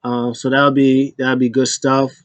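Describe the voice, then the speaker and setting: Man, casual wrestling recap, rambling restarts, mid pitch, dry close mic. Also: completely flat delivery, a little slow, no room sound. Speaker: wrestling show commentator.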